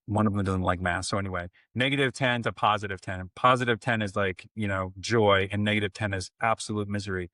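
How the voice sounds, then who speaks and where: A man's voice: fairly low pitch, fairly bright tone, dry recording. A man in his forties, a coach and podcast guest, telling family stories in a casual interview and acting out the lines of the people in them. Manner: storytelling, many restarts, acts out quotes.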